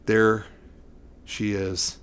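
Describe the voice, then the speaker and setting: A middle-aged man hosting a casual collecting vlog, rambling and excitable, playing up mock emotion. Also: fairly low pitch, drawn-out words, clear, resonant tone. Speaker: vlogger showing figure collection.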